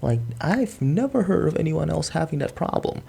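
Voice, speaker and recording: A man's voice: fairly high pitch, very animated, normal speed, creaky, warm tone, husky. A young man from Indonesia talking casually and reflectively about his own life, with lots of fillers and restarts. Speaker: host. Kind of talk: improvised personal talk.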